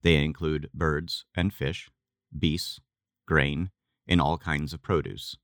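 A man giving a measured, deliberate scripted reading of a religious text. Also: rumbling low, steady tone, a bit bright, no room sound, clean studio sound. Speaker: reader.

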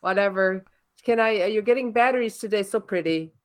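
A woman's voice: mid-range voice, brisk, natural voice. A woman voicing a gushing, overly sweet female store clerk who compliments every customer in a put-on accent. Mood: fawning. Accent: unnamed put-on accent.

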